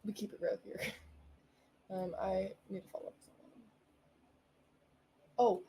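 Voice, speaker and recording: Young woman rambling on her podcast, bubbly and giggly, mellow voice, faint room noise. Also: medium pitch, little pitch movement, a little slow, creaky, rough recording. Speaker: podcast host. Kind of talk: casual solo podcast chat.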